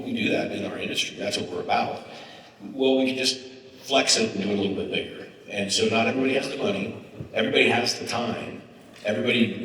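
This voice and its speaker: Man, from northern california, keynote guest, emphatic animated storyteller, fairly low voice, forceful, echoey hall heard from far off. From Humboldt, northern California. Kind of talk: onstage conversation with an interviewer. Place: large conference hall.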